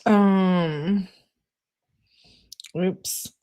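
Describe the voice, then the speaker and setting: In a fairly low, steady, mellow voice, the woman draws out her words while reading texts aloud. She keeps up her sarcastic true-crime reactions with blunt, slangy remarks.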